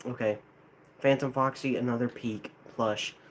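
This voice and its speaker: A man's voice: mid-range voice, steady tone, unhurried, slight background noise. A young American man rambling casually to a live chat, hesitant, with many restarts. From United States. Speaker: streamer.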